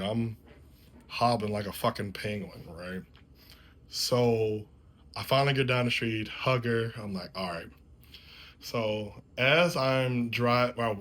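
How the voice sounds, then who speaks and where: A man's voice: lowish voice, a bit bright. A young man casually telling a story to his viewers off the cuff, loose and profane, laughing as he goes. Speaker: vlogger.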